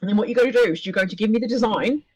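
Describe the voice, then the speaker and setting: Woman streamer, husky tone, close dry mic, teasing and rambling. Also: mid-range voice, racing, no echo, low-quality recording. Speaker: streamer co-host. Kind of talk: casual chat.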